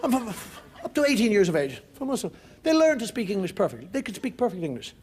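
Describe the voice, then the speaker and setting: A man performing a stand-up comedy monologue, animated and exasperated, sometimes breaking into shouts. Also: high voice, fast. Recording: loud audience laughter and noise.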